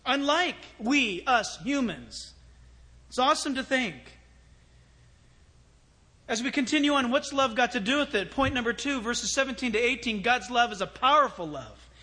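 A man preaching a sermon as pastor, animated, swinging from loud exclamations to hushed storytelling. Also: extremely high pitch, normal speed.

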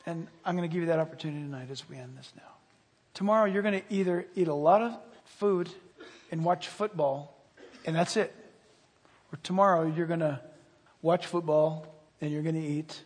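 An older man preaching a sermon with fervor, rising loud on key points and dropping quiet. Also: a little high, moderate pace, pauses often, breathy edge. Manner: fervent, swells loud on key points then drops quiet. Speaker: pastor. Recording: long hall reverb.

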